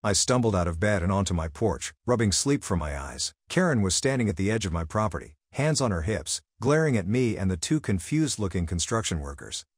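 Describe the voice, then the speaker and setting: Husky low-voiced male storyteller. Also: very animated, fairly quick, hardly any pauses, dry recording, clean studio sound. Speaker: story narrator. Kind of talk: first-person story narration.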